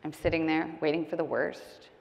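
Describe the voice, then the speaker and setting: A woman's voice: low voice, brisk, creaky. Woman telling a candid story in a hall. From United States. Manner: animated, candid, jokey. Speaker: keynote speaker. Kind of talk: comedic personal storytelling speech. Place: large conference hall stage. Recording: long hall reverb.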